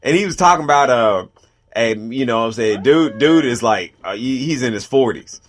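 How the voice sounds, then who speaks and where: A man co-hosting a radio talk show, talking in a relaxed, conversational way. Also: mid-range voice, normal speed. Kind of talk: casual chat.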